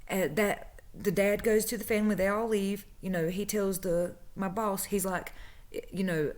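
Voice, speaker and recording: A woman's voice: mid-range voice, steady tone, moderate pace, darkish tone. A woman, casually telling a story about her old job and acting out the people she quotes. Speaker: vlogger telling a work story.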